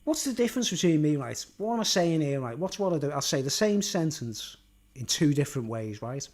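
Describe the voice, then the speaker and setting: A man's voice: fairly high pitch, big pitch swings, a little fast, darkish tone. A man rambling casually to camera in a vlog, swearing and filling his talk with "like" and "you know". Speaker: YouTuber.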